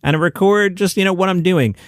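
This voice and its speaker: A man's voice: high-pitched, brisk, no echo. A man talking through the day's comedy headlines in a loose, chatty way. He sits at a table by his laptop, and the sound is dry and close with no room around it. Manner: chatty, conversational retelling of stories. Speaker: podcast host. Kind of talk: comedy news podcast, casual solo talk. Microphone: desk mic next to a laptop.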